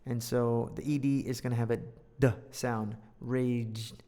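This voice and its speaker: A man's voice: mid-range voice, level tone, measured pace, mellow. A man teaching English by reading a storybook aloud and explaining words and sounds with playful, jokey asides. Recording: long hall reverb.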